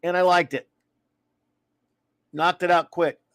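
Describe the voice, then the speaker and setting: High-voiced chatty man, dry close sound. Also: fairly even intonation, takes it slowly, a bit bright, clear, resonant tone, dry recording. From Louisiana. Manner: rambling, opinionated, friendly with viewers. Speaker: livestream comics talk host. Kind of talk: casual live-stream chat reading viewer comments.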